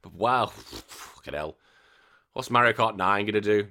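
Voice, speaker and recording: Young male gaming podcast host, bright tone, excitable, swears a lot. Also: lowish voice, unhurried, gravelly. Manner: excitable, swears freely, trails off quietly. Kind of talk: casual gaming news chat.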